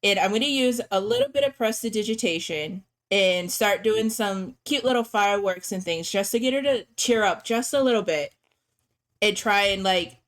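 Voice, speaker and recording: A woman taking part in a tabletop game, calmly describing what her character does. Her mid-pitched voice is gentle and unhurried. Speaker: player.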